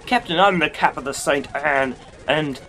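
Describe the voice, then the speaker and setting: A man's voice: on the high side, moderate pace, pushed and bright, a little hiss or hum. A man voicing a proud ship captain in a video game, reading his lines in a mock-grand, announcing way. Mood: boastful.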